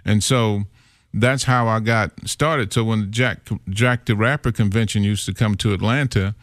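A man's voice: on the low side, normal speed, dry recording, studio quality. A middle-aged man who works as a radio imaging voice artist, telling stories in a casual interview and acting out the voices he quotes. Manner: animated storyteller who acts out quoted voices.

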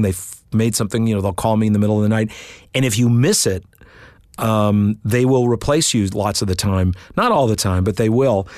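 A middle-aged man with a low voice recounts his voiceover career in a relaxed interview. His delivery is animated and anecdotal, slipping into quick character voices. The sound is dry and close. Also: dry recording. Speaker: voiceover artist. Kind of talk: storytelling interview.

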